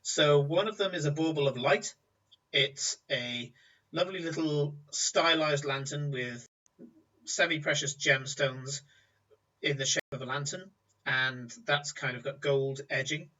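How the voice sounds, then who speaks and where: A man's voice: fairly high pitch, unhurried, pushed and bright. A man narrating a tabletop game as game master, with vivid descriptive storytelling, on a distant, muffled recording.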